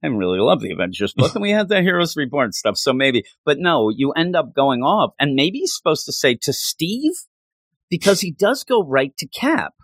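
A man's voice: on the high side, very animated, normal speed, a bit bright, no echo. A man co-hosting a casual chat, talking with enthusiastic rambling and acting out lines from the story. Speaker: comic book podcast co-host.

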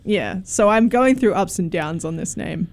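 A young woman hosting a casual community radio music show, chatty and quick to laugh. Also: fairly low pitch, lively intonation, a little mellow. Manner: chatty, laughs often, asks questions. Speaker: radio host.

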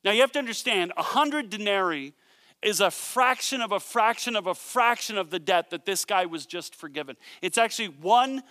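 A man preaches, retelling a parable in a lively storytelling way and dropping joking asides along the way. His voice sits high for a man and sounds bright and forceful. The sound is close and dry, with no room echo. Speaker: pastor. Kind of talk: sermon.

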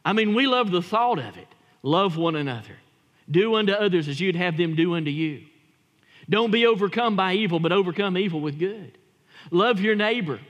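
A male pastor preaching a sermon, telling stories with emphasis and swinging from loud to hushed. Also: high voice, lively intonation, normal speed, long reverb tail, lo-fi sound.

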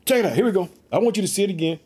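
A man preaching with excitement, reading a Bible story aloud and repeatedly urging listeners to trust God. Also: high voice, very fast, breathy edge.

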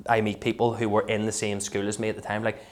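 A man with a Belfast accent, a comedian chatting as a podcast guest and telling stories in a lively way. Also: lowish voice, fast talker. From West Belfast, Northern Ireland. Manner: lively storyteller who slips into voices. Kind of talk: casual interview chat.

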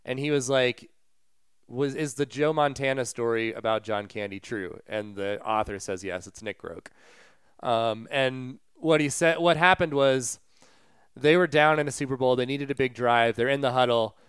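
A man's voice: medium pitch, fairly even intonation, normal speed, fairly bright tone, clear, resonant tone, no room sound, clean studio sound. A man co-hosting a casual sports podcast, chatting loosely and retelling stories with fillers and asides. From Colorado. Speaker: podcast co-host.

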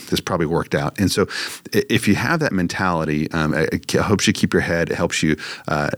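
Man, very low voice, relaxed talk full of ums, dry close recording. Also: no room sound. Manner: relaxed, many fillers, restarts. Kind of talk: casual conversation on leadership.

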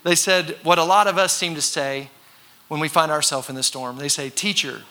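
A man preaching a sermon to a congregation, talking conversationally, acting out voices and sometimes shouting for effect. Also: a little high, steady tone, moderate pace, slight background noise. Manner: conversational with congregation call-and-response. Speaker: pastor.

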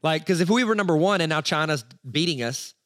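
Podcast co-host, man, fairly high voice with lively swings, playful riffing, dry close sound. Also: fast, no room sound. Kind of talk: casual chat.

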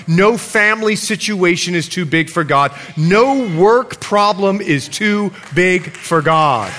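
Lively high-voiced male pastor. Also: moderate pace, hardly any pauses, some chatter behind, a little hiss or hum. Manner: animated, playful, coaxing the audience. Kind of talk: sermon. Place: church sanctuary. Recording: long hall reverb, congregation audible. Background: congregation.

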